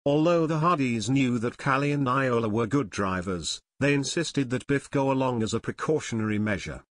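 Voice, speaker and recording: A man narrating an audiobook in a clear, expressive storytelling way. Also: mid-range voice, normal speed, few pauses, no room sound. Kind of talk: scripted narration.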